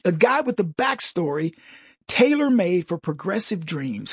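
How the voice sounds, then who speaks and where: A middle-aged man delivering a comedic political monologue, mocking and jokey, with quick asides and mimicked voices. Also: sits high, animated, creaky, husky, no echo, clean studio sound. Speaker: commentary host.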